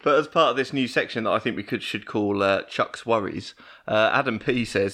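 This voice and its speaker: Casting: male podcast co-host, dry teasing delivery, bright forceful tone. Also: on the low side, a little fast. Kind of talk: casual chat.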